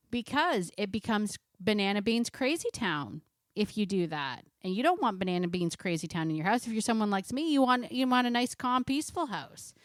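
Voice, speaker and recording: A middle-aged woman dog trainer giving a casual, lively lesson full of rhetorical questions. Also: medium pitch, dry recording, studio quality. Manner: lively, conversational, asks many rhetorical questions. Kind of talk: casual instructional talk to camera.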